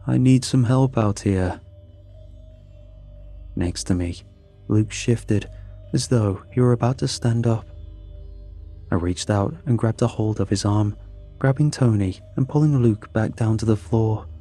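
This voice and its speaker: A man narrating a scripted horror story in a measured, suspenseful way. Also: fairly low pitch, warm tone, soft background music.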